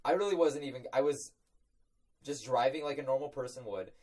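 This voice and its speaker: A man's voice: medium pitch, a little fast, darkish tone. Easygoing young man co-hosting a podcast. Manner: easygoing, laughs along. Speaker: podcast co-host. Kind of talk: casual sports chat.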